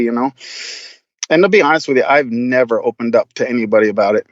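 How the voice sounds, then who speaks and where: A man's voice: medium pitch, expressive, fast, no room sound, muffled recording. A man guesting on a podcast, telling stories casually, laughing a lot and swearing freely with many restarts. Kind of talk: casual storytelling.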